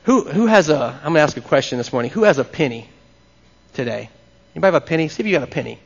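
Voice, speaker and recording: A man preaching a lively sermon and talking directly with his congregation. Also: on the high side, racing, gravelly. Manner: animated, talks with the congregation. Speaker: pastor. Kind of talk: live sermon. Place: church before a congregation. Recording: long reverb, dull lo-fi sound.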